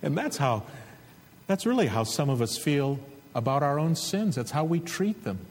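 A male preacher delivering an earnest, emphatic sermon with a husky voice. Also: fairly high pitch, very animated, moderate pace, in a large hall. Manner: earnest, emphatic exhortation with rising intensity.

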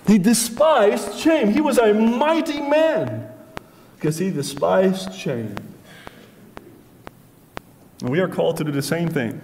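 A man preaching a sermon, emphatic, acting out what people say with sharp rises and drops. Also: sits high, lively intonation, a little slow, long pauses. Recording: faint noise, long hall reverb.

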